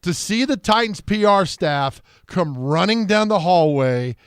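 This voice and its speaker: A man's voice: high-pitched, expressive, a little slow, clean tone, no echo, clean studio sound. A man co-hosting sports talk radio, rambling and telling stories with many restarts.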